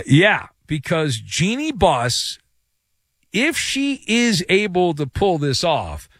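A man's voice: a little high, a bit bright, no echo, clean studio sound. A man giving a theatrical, jokey solo sports commentary with big vocal swings.

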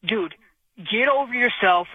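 A fairly high-pitched male caller who comes through a dull, dry line. He is blunt and opinionated, tripping over restarts as he makes his point. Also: unhurried, husky, no room sound. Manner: blunt, stammers on restarts, says "man" and "dude". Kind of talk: opinionated call-in chat.

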